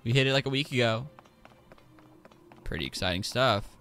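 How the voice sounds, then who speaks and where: A man streaming a video game, giving excitable, joking commentary as he plays. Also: medium pitch, moderate pace, over music. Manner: excitable, exclaims and jokes to himself. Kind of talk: live gameplay commentary.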